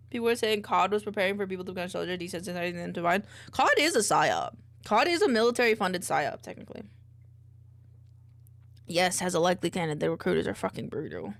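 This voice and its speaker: Woman streamer, vocal fry, relaxed rambling chat, reads chat messages aloud while multitasking. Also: medium pitch, no echo. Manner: rambling and distracted, reading chat aloud between tasks. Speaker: VTuber streamer. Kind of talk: casual low-key stream chat.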